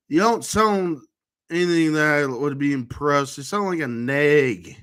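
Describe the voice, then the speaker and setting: A man's voice: fairly high pitch, expressive, unhurried, a bit bright. A man vlogger talking in a rambling monologue to camera, full of restarts and trailing fillers.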